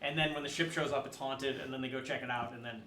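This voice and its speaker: A man co-hosting a casual live-streamed talk show, chatting in an animated way with sound effects and silly voices. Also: mid-range voice, fast talker, roomy sound. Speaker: podcast co-host. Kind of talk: casual chat.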